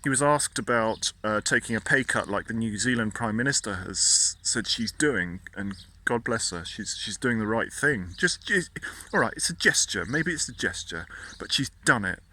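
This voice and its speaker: A man venting in a casual, indignant rant. His voice is bright and forceful, and he keeps tripping over and repeating his words. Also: fairly low pitch, lively intonation, normal speed, few pauses. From Britain. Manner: indignant, stumbling repetitions. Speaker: vlogger.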